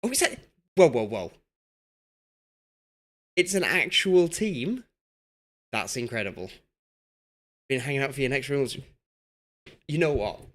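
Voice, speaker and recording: A man's voice: fairly low pitch, fairly bright tone. A young man from Yorkshire chatting casually while live-streaming a football management game and reading chat aloud. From Yorkshire, England.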